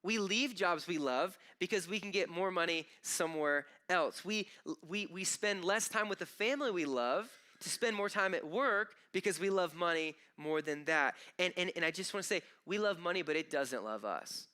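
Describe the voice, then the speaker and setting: A man preaching a sermon in a bright, forceful voice that sounds smooth and crisp. His pitch sits a little high for a man. He talks to the congregation conversationally, with emphatic repeated starts. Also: expressive, normal speed, few pauses. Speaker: pastor. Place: church auditorium.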